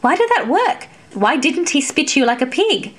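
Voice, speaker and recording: A woman's voice: high-pitched, animated, moderate pace, a little hiss or hum, voice pushed up. A woman doing a hot-tempered swordswoman. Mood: indignant. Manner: shouting, indignant outbursts.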